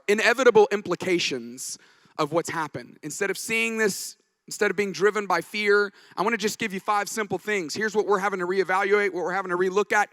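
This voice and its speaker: Bright-voiced pastor telling stories. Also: male voice, sits high, dry recording. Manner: anecdotal, joking storyteller. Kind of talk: conference talk. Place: conference stage.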